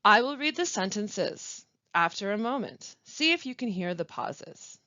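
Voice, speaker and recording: A woman giving a scripted language lesson, reading carefully with marked stress and deliberate pauses. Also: medium pitch, sing-song, pushed and bright, dry recording. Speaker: language instructor. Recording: dull, slightly lo-fi dry recording.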